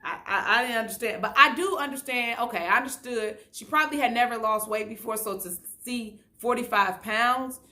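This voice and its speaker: Chatty woman with a bright voice. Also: on the high side, a little fast, few pauses. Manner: chatty, retells scenes with quoted dialogue. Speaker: YouTube reality-show recapper. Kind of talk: casual recap commentary.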